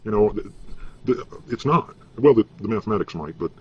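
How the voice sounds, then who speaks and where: Frustrated man ranting, muffled and husky. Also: lowish voice, expressive. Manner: frustrated, profane, halting with many fillers. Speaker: vlogger. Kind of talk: rambling vlog rant. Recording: muffled lo-fi replayed clip.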